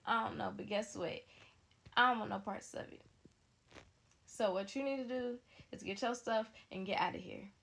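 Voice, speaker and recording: A woman telling a story to her viewers in a sassy, animated way. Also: fairly high pitch, moderate pace, gravelly, long pauses. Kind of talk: casual storytime narration.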